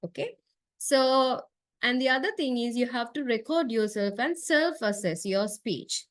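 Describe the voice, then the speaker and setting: A woman's voice: a little high, a little slow, no room sound. Dry-voiced woman giving a lecture. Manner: frequent uh fillers and tag question right?; explanatory, step by step. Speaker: university lecturer. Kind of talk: classroom lecture.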